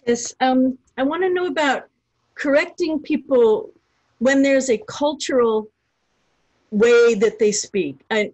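Halting woman asking a question on a webinar. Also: a little high, darkish tone, no room sound, low-quality recording. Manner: thoughtful, halting, repeats words as she thinks.

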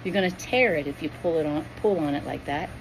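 A woman gives voice to a gentle, heartbroken God the Father in a spoken devotional story. He pleads tenderly and solemnly with a lower, even voice, and a faint hiss sits under the reading. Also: fast, poor audio. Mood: patient.

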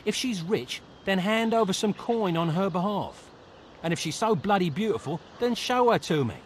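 An actor playing a sarcastic, greedy rogue hero with a dry, mocking, impatient way of talking in a video game. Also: male voice, high-pitched, lively intonation, moderate pace, slight background noise. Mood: demanding.

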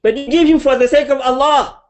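A man giving a sermon, telling a religious story in an animated, heartfelt way. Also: very high-pitched, fairly quick. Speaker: preacher.

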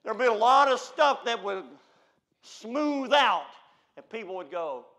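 An American man preaching a sermon, swinging between loud shouted declarations and low, quiet asides. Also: lively intonation, a little slow.

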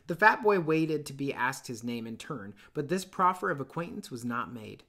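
A male teacher reading a novel aloud to his students in an expressive, measured storytelling manner. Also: medium pitch.

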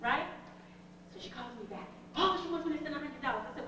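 A woman telling a story to a group in an animated, emphatic way, often laughing. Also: high-pitched, fast, a little hiss or hum. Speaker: speaker addressing a group. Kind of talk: storytelling talk. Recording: echoey hall from a distant mic.

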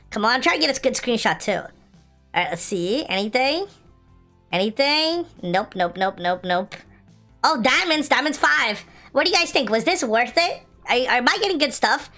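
Excitable young woman gaming. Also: on the high side. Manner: excitable, pleading, complains then shouts with joy. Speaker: gaming video host. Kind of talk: casual gameplay commentary. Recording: light music in the background.

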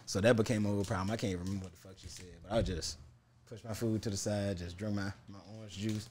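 A man's voice: on the low side, fast, darkish tone, a little hiss or hum. Laid-back slangy young man telling a story. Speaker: podcast co-host. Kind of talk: casual chat.

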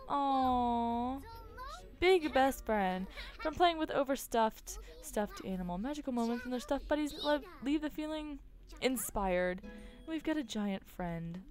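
A woman giving casual commentary while playing a life-simulation game, excitable and quick to gasp and squeal. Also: sits high. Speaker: gaming YouTuber. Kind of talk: casual let's-play commentary.

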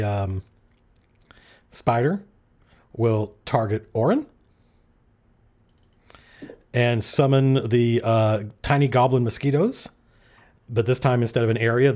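A man's voice: medium pitch, darkish tone. A man narrating as game master at a tabletop game, casual and freely swearing as he works through the rules aloud.

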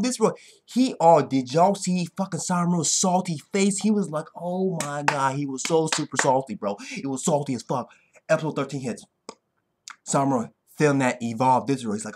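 A man giving an excitable, profane anime fight recap that keeps bursting into yells. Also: medium pitch, fairly quick. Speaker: anime reaction vlogger. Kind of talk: hyped casual recap.

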